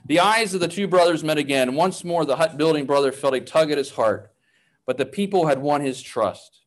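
A man narrating a parable in a measured, expressive storytelling manner. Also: a little high.

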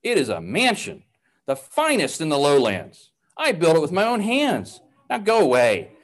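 A man voicing a stubborn, proud brother who defends his hut and shouts at a stranger, with a lively pitch. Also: moderate pace. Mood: defensive.

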